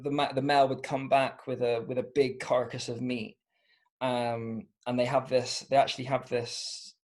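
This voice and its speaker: Halting Bristolian man musing aloud. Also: mid-range voice. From Bristol, England. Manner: thoughtful, rambling, halting with many fillers and restarts. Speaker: podcast guest, comedian and author. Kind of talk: casual interview chat.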